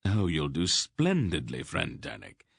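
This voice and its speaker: A man voicing a sly, witty thief who talks in a smooth, ironic way. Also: extremely low pitch, wildly swooping pitch, unhurried, no room sound, clean studio sound, exaggerated voice. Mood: wry.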